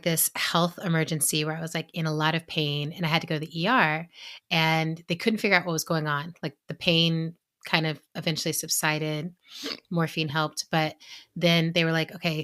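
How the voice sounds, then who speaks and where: A woman co-hosting a podcast, telling personal stories in a chatty way with many "like"s and quick laughs. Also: low voice, fairly bright tone. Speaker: podcast co-host. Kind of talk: casual chat.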